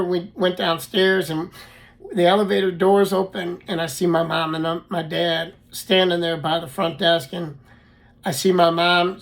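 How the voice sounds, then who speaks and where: A man casually telling his own life story, halting often with fillers and restarts. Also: high-pitched, gravelly.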